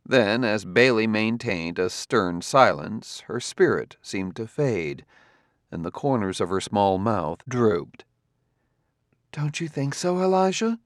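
Expressive low-voiced male narrator. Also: slow, no echo, studio quality. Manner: expressive storytelling. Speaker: audiobook narrator. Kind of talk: scripted narration.

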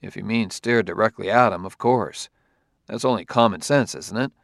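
A man's voice: lowish voice, moderate pace, gravelly, fairly bright tone, no room sound, clean studio sound. A man reading the part of an uneasy male detective, plain and a little wry, in an audiobook.

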